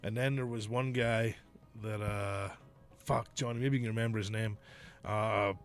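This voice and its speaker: A man's voice: lowish voice, steady tone, moderate pace, soft background music. A middle-aged man, a podcast host and former wrestler, telling stories in casual chat, swearing freely and laughing often. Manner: profane, laughs often, storytelling.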